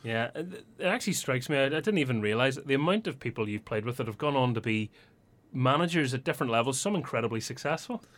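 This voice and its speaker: A man's voice: medium pitch, animated, quick pace, fairly bright tone. A man hosting a sports podcast, chatting and laughing along with his guests. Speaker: podcast host.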